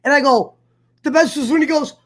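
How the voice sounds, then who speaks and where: Hosting an online sports talk show, a man tells a heated story as a profane, fired-up rant, mimicking other people along the way. His voice is very high, a little fast and a bit bright, and the whole thing has the feel of a casual livestream rant.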